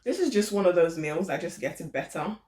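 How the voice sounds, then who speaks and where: Chatty woman vlogger, low voice. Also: animated, brisk, darkish tone. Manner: chatty, informal, lots of "literally" and "like". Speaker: home decor vlogger. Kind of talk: casual how-to vlog chat. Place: home living room.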